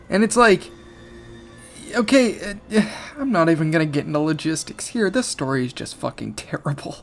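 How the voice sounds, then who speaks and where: A man's voice: fairly high pitch, expressive, moderate pace, creaky, soft background music. A man commenting on a horror story as he reads it aloud, exasperated and sarcastic, swearing often.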